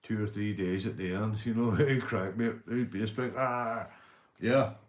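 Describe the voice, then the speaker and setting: A man's voice: fairly low pitch, moderate pace. A man with a Northern Irish accent hosting a rambling livestream chat, tipsy from beer, boisterous, swearing and laughing a lot. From Northern Ireland. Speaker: livestream host. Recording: echoey room.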